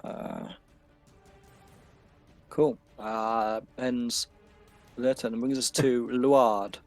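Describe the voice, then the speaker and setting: A man narrating a tabletop game as game master, unhurried and loose, with many fillers. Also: medium pitch, steady tone, soft background music.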